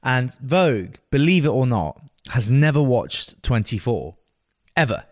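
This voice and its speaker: A man's voice: mid-range voice, very animated, unhurried, darkish tone. A man co-hosting a podcast, bantering and teasing in a casual, exclamatory way. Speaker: podcast co-host. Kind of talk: casual bickering chat.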